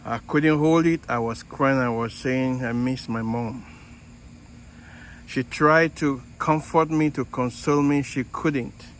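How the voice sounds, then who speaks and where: A man from Nigeria with a Nigerian accent, hosting a casual garden vlog in an unhurried, halting way. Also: a little high, fairly even intonation, slight background noise, low-quality recording. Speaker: fig grower and channel host.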